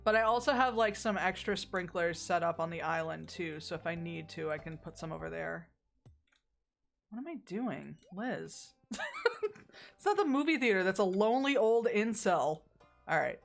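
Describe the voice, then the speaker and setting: A woman's voice: fairly low pitch, animated, moderate pace, gravelly, soft background music. A woman streaming herself playing a game, chatting casually, joking with chat and reading on-screen text aloud.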